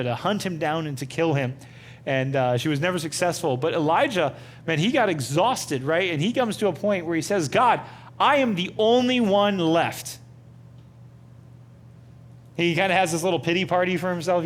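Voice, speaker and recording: A young man teaching a Bible study to a group in a conversational, animated way, often asking them questions. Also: on the high side, a little hiss or hum.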